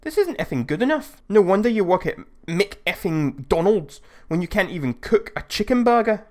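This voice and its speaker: A man voicing a rude, hungover young male customer who shouts aggressively. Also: high voice, very animated, moderate pace, voice pushed up. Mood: angry shouting.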